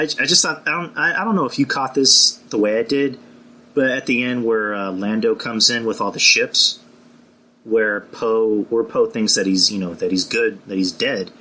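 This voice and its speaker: A man's voice: mid-range voice, sharp tone. A man chatting casually on a podcast, rambling with frequent restarts and casual swearing. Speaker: podcast co-host.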